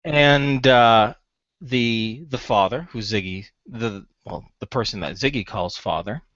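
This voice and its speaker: A man's voice: medium pitch, measured pace, fairly bright tone, no echo, dull audio. A young man narrating as game master, describing scenes with frequent fillers.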